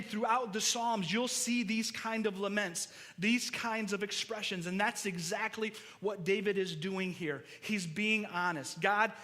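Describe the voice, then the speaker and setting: A high, bright-toned man delivering a sermon from the front of a church hall. He preaches earnestly, often repeating a word as he drives a point home. His voice rings with a long hall reverb around it. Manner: earnest, preacherly, repeats words when emphasizing. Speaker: pastor.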